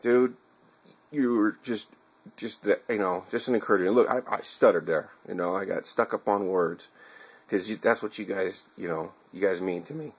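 In a casual, heartfelt vlog, a man with a lowish, husky voice talks directly to his viewers at a moderate pace. He rambles earnestly, swears casually, and restarts his sentences.

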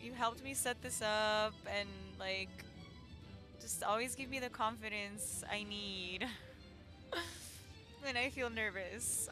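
A woman's voice: fairly high pitch, slow pace, pushed and bright, soft background music. A young woman streamer chatting casually with viewers, giggly, flustered and emotional. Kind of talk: casual live-stream chat.

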